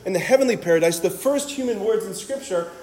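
A man giving an energetic, joking talk to a live audience as a Catholic speaker, with a conversational manner and frequent "right?"s. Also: sits high, fast. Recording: long hall reverb.

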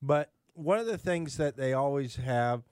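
A man's voice: mid-range voice, lively intonation, measured pace, a little mellow, clear, resonant tone, dry recording, studio quality. A man appearing as a guest on a talk radio show, speaking emphatically and indignantly, with frequent restarts.

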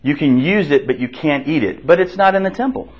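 Brisk and fairly high-voiced with lively intonation, a man runs an interactive Bible class, questioning the group and repeating what they say. His delivery is conversational with restarts, and the classroom audio is dull and lo-fi.

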